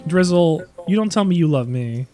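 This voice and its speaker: A male streamer chats and jokes casually while playing through a game, swearing freely and reading dialogue aloud. His voice sits a bit higher than most men's and swings animatedly, with faint music underneath. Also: lively intonation, moderate pace, dark tone.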